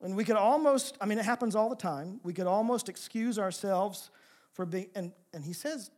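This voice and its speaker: A man preaching a sermon, asking rhetorical questions and moving between emphatic and soft passages. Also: high-pitched, brisk. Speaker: pastor.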